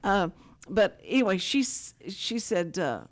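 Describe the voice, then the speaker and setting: A woman's voice: medium pitch, sing-song, a little slow. An older woman hosts a community radio talk show and spins a story with lots of chatty asides. She acts out the other people's lines as she goes. Her voice sits in the middle of the range. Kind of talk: casual chat with guests.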